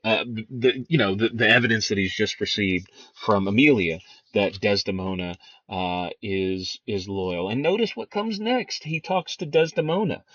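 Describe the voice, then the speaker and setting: A man's voice: lowish voice, animated, normal speed, a bit bright, dry recording. A man teaching a lesson on a play, talking casually with many fillers and restarts. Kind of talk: lecture on a play, reading quotes aloud. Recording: dry, dull lo-fi recording.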